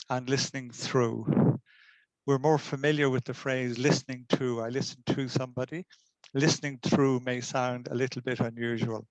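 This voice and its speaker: An older man speaks in a measured, earnest storytelling way, with his voice sitting in a middling pitch. The sound is dry and close, with no room echo. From Ireland. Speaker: community education lecturer. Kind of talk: reflective talk to camera.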